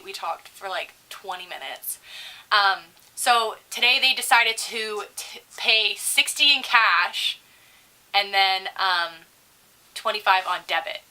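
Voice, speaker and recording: Young female co-host, bright and punchy, profane, animated storyteller. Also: medium pitch, poor audio. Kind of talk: casual chat.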